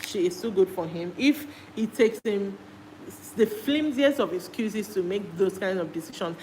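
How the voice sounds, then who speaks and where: A woman from Nigeria vlogging, retelling a show in a casual, chatty way with animated jumps into high-pitched exclamations. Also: moderate pace, slight background noise, low-quality recording.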